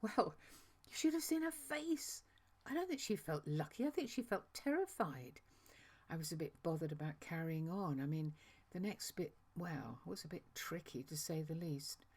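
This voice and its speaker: A woman's voice: deep voice, very animated, moderate pace, darkish tone, breathy edge, exaggerated voice. A woman voicing a chatty, awestruck angel messenger who recounts a visit in a rambling, conversational way, stumbling over asides and self-corrections. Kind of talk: dramatic monologue reading.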